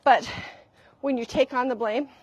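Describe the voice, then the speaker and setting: A woman's voice: sits high, fairly even intonation, unhurried, darkish tone, dry recording. A woman hosting a live talk as a relationship skills coach, speaking emphatically and repeating key phrases for weight.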